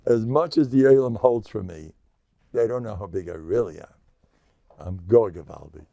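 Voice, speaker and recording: Older rabbi guy, gravelly, dry close sound, jokes around bragging. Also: fairly low pitch, animated, moderate pace, warm tone, dry recording, lo-fi sound. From United States. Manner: joking, boastful, self-mocking, with frequent laughs. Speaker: rabbi giving a class. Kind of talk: informal Torah lecture.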